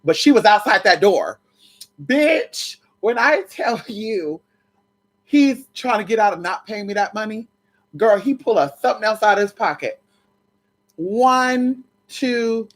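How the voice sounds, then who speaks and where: A woman's voice: mid-range voice, animated, takes it slowly. A woman vlogger telling a brash, profane story straight to her viewers in a chatty way. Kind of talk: storytime chat to camera.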